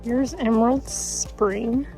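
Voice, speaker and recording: Music runs behind this young vlogger as she narrates a casual travel vlog from national parks and a campground. She's chatty and playful, speaking slowly in a voice on the high side.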